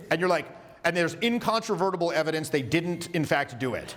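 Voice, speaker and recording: Male coach, 40s, pitched a bit high, casual animated workshop delivery with swearing, recorded with long hall reverb. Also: brisk. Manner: animated, acts out little dialogues, casual swearing. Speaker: social skills coach. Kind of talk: workshop lecture.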